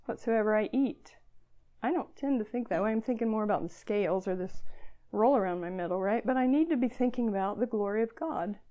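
A woman's voice: medium pitch, brisk, dark tone, highs cut off. An older woman over sixty giving an earnest church talk to girls, emotional at times and self-deprecating. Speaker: speaker addressing girls at church gathering. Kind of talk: sermon.

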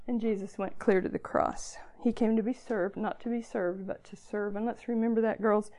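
A woman's voice: medium pitch, steady tone, normal speed, dark tone. A woman in her fifties giving an earnest, encouraging devotional talk to young women. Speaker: speaker at a girls' gathering.

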